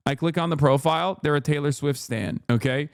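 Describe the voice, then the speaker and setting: A man's voice: fairly high pitch, fairly quick, creaky, clean tone, no echo, studio quality. A man ranting on a live stream, profane and heated, mocking others by putting on voices for their quotes. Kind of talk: live stream reaction rant.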